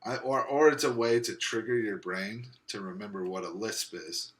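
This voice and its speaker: A man's voice: fairly low pitch, moderate pace, heavy background noise. A young man co-hosting a casual podcast chat. He rambles, trips over words and repeats them, and has a slight speech impediment. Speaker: podcast co-host.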